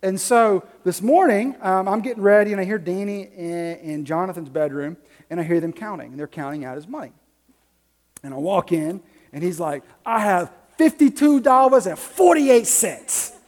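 High-voiced pastor preaching in a reverberant hall. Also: male voice, moderate pace, darkish tone. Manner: storytelling, building to impassioned preaching. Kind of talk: sermon.

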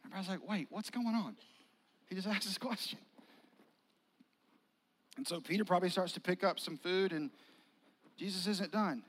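A male pastor preaches by retelling a story in a casual, vivid way. His voice sits high for a man. He keeps it conversational rather than formal. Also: brisk, long pauses, a bit bright, breathy edge, poor audio. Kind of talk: sermon.

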